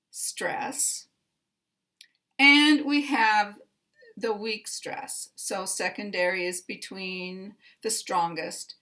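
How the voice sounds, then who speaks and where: Slow, bright-voiced American woman teaching. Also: mid-range voice. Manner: deliberate, carefully enunciated, repeats example words. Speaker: pronunciation teacher. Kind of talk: slow instructional explanation.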